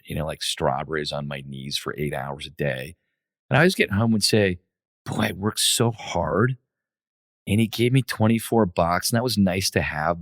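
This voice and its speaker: A man with a very low voice speaks in an unhurried, reflective way, stopping and restarting as he recalls things. The sound is close and dry, with no room around it. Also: dry recording. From United States. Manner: many fillers and restarts, reflective. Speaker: guest, company CEO. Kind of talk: relaxed interview storytelling.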